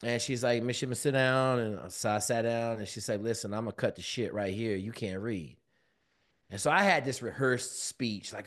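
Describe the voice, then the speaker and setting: A man, a guest on an interview show, telling a personal story in casual, slangy speech and acting out the voices of people in it. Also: a little fast. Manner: animated, acts out quoted dialogue with big pitch jumps; colloquial, relaxed slang. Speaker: guest, former Navy SEAL and mentor.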